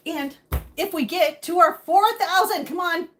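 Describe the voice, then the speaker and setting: A woman's voice: extremely high pitch, a little slow. A woman hosting a live stream from her home kitchen, chatting casually and joking as she answers viewer comments while she cooks.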